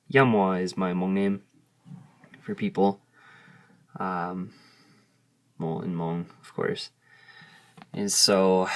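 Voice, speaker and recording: A man who speaks English as his first language gives a casual video lesson, patiently explaining and sounding out vowels. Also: low-pitched. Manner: slow, patient explaining, modelling sounds aloud. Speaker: language teacher.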